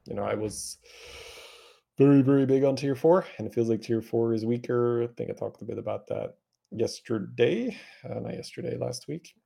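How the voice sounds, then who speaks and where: Gravelly-voiced male podcast co-host. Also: medium pitch, moderate pace. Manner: relaxed, laughs often, trails off. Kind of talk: casual podcast chat.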